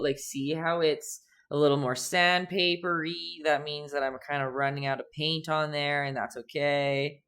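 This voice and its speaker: Brief: young woman, low voice, playful live-stream painting teacher, chatty with her viewers. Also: a bit bright. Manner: chatty and playful, reads out chat, giggles often.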